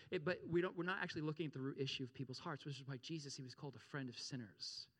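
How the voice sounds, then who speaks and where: A man preaching a sermon as pastor, animated, repeating phrases and checking in with his congregation. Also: quick pace, few pauses. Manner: animated, addresses congregation with frequent check-ins; repeats phrases, rises in pitch and volume for emphasis.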